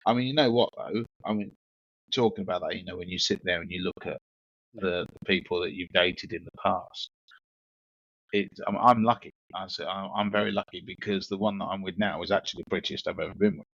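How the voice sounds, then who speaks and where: A man's voice: deep voice, a little fast, a bit bright, no echo, lo-fi sound. Cheeky London man telling a story. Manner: rambling anecdote with frequent restarts, laughing and cheeky. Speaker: podcast co-host. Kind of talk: casual storytelling chat.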